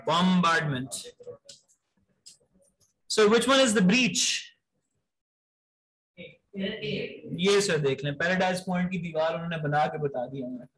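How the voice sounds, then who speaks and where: Guy teaching vocab, highish voice, brisk quizzing, says sir a lot, mixes in urdu. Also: fairly bright tone, low-quality recording. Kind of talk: live online class, quizzing students.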